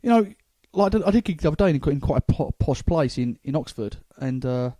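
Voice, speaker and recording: A man's voice: fairly high pitch, expressive, quick pace, dark tone, no room sound. A man with a London accent, a comedian hosting a casual podcast chat, rambling with stammering restarts. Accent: London English. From England.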